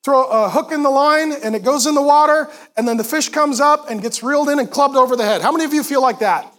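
A man with a strikingly high voice preaching a sermon from a church stage. He talks to the congregation with animated emphasis and breaks off into quick asides. The sound comes through a stage mic in the hall. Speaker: pastor. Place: church auditorium before a congregation.

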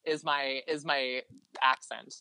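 A man's voice: medium pitch, little pitch movement, slow pace, gravelly, pushed and bright, clean tone, no echo, poor audio. A man co-hosting a podcast in casual chat, chatty and rambling, gushing and laughing often. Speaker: podcast co-host.

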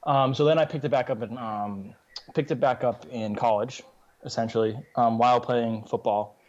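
A man's voice: mid-range voice, fairly even intonation, normal speed, a little mellow. Laid-back young man, lo-fi sound. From Massachusetts. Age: 20s. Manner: laid-back, laughs often, fillers like "you know". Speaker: guest, college athlete. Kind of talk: casual interview chat. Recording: slightly dull, lo-fi sound.

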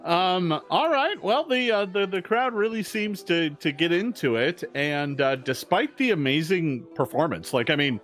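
Male game master, slightly high voice, very lively pitch, hesitant delivery. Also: unhurried, hardly any pauses, soft background music. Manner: hesitant, many fillers, animated. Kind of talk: narrating a tabletop game.

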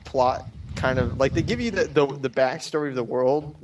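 A man's voice: mid-range voice, moderate pace, noisy background. A man co-hosting a casual group chat, easygoing and full of fillers. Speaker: podcast co-host.

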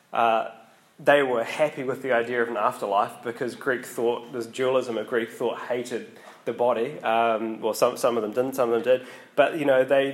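A man preaches in a loose, conversational way, stopping for ums and rephrasing as he goes. His voice sits at a middle pitch. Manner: conversational, frequent ums and restarts. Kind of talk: casual sermon.

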